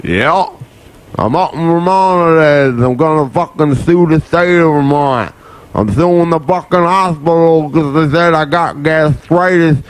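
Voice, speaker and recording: A man putting on a gruff, crude guy who rambles and curses in a slurred drawl. His voice sits a touch above an average man's. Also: on the high side, unhurried, lightly acted. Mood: blustering. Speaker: caller doing an impression.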